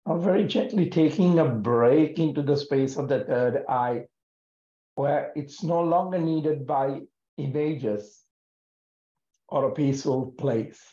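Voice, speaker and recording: A man guiding a yoga breathing practice in a gentle, calm and soothing way, with many pauses. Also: on the high side. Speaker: yoga teacher. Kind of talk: guided yoga breathing instruction. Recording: echoey room, dull lo-fi sound.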